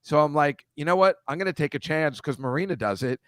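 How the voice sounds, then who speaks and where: A man's voice: on the high side, lively intonation, fast talker, a bit bright, clear, resonant tone, no room sound. A man chatting as a guest on a podcast, rambling and self-deprecating, speeding up when he gets going. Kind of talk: casual chat.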